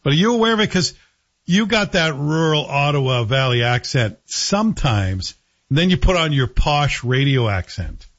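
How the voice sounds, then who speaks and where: Husky-voiced male radio host, chatty. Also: a little high, very animated, normal speed, a bit bright, muffled recording. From Scotland. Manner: chatty, playful, mimics voices. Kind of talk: morning talk radio chat. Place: radio studio.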